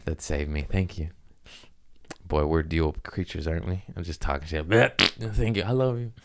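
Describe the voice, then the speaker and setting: On his podcast, a male comedian with a deep, smooth, somewhat dark voice wanders through a loose, profane monologue at a normal pace, frequently chuckling at his own jokes.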